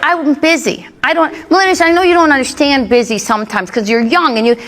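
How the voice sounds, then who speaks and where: A woman's voice: high-pitched, fairly quick. A middle-aged woman doing a stand-up routine on a club stage, telling punchy, brash stories and working the crowd. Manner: brash, punchy storytelling with jokes landing to laughter. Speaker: stand-up comedian. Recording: live club recording with loud crowd laughter. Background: loud audience laughter.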